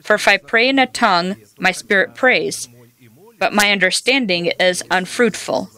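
A woman's voice: mid-range voice, normal speed, bright, forceful tone, smooth. A woman preaching a sermon, telling personal stories and quoting scripture in an earnest way. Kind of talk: sermon teaching.

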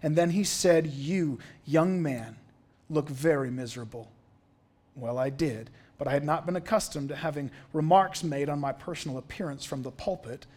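Man, pastor, slightly high voice, animated sermon storytelling in a church. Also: brisk, few pauses. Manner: animated, reads quotes aloud dramatically.

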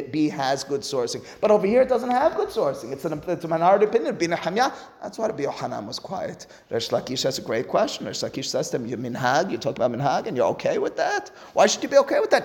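Animated man teaching Talmud. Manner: acts out dialogue between sages with big pitch swings; mixes Aramaic and Hebrew terms into English.

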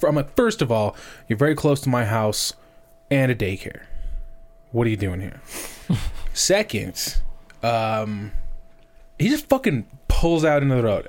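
A man in his thirties, a podcast co-host, telling a story in casual chat, swearing and restarting often. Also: medium pitch.

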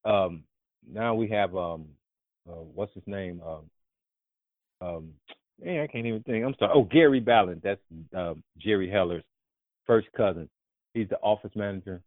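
A man casually telling a long, profane, rambling story as a guest, often breaking into animated quoted voices. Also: normal speed, pauses often, dry recording. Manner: profane, rambling, jumps into high animated voices when quoting others. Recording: dry, tinny phone-like audio.

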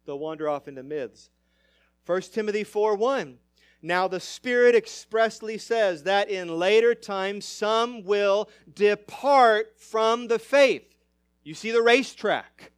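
Guy preaching a sermon, high smooth voice, really emphatic, loud then soft. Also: takes it slowly, no echo, clean studio sound. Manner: emphatic preaching with big swings in loudness. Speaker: pastor.

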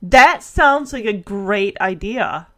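A woman giving a casual, animated recap of a TV episode, laughing as she acts out the characters. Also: medium pitch, slow. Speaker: show recap host.

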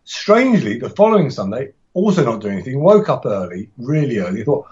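A man's voice: mid-range voice, sing-song, brisk, hardly any pauses, a little mellow, muffled recording. Enthusiastic man telling stories. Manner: enthusiastic, anecdotal, frequent restarts. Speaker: martial arts instructor and author. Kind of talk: podcast interview storytelling.

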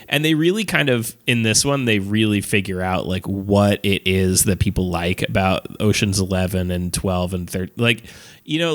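Man rambling casually, slightly low voice. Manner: rambling, lots of "like" and "um", casual swearing, laughs while telling. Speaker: podcast co-host reviewing films. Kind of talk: casual chat.

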